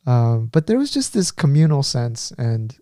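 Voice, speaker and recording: A man's voice: mid-range voice, sing-song, moderate pace, warm tone. A man in his thirties co-hosting a podcast, telling a story in casual chat and rambling with many fillers and restarts.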